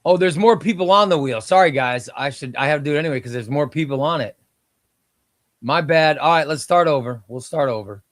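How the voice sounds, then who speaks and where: The voice is male, fairly high and brisk, with no echo. On a casual comic book livestream, this host chats away with viewers and reads out the names knocked off a giveaway wheel, reacting with an exclamation to each.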